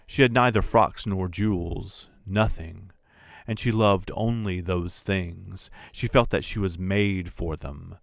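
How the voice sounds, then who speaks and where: A man with a very low voice reads a classic story aloud, measured and deliberate. The recording is dry and close, with no room sound. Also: gravelly, dry recording. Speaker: audiobook narrator. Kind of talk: scripted literary narration.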